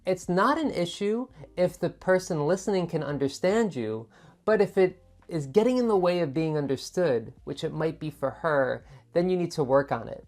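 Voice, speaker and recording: A woman's voice: lowish voice, lively intonation, moderate pace, darkish tone. A woman tutor explaining test answers in a chatty teaching manner, demonstrating intonation by repeating words. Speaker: TOEFL tutor. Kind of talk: explaining student sample answers.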